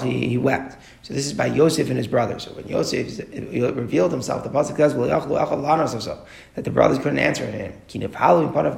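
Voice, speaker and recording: A man giving a Talmud class to a group, explaining a text line by line and posing rhetorical questions in a quick, earnest delivery. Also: mid-range voice, creaky. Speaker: Torah teacher. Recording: echoey room.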